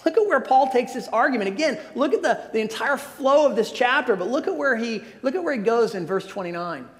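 A man's voice: extremely high pitch, expressive, fairly quick. A pastor preaching a sermon, earnest and emphatic, often restarting his phrases. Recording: long hall reverb.

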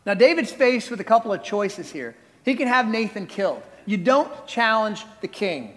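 Male pastor, 40s, sermon, animated storytelling, high voice, long hall reverb. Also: brisk, hardly any pauses. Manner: animated storytelling, conversational asides.

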